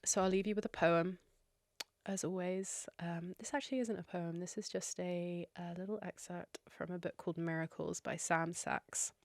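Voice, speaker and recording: A tearful woman hosts a solo podcast, talking earnestly and encouragingly to her listeners. Her voice sits fairly low with a gravelly edge. The sound is dry and close, with no room around it. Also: steady tone, moderate pace, no echo. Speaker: podcast host.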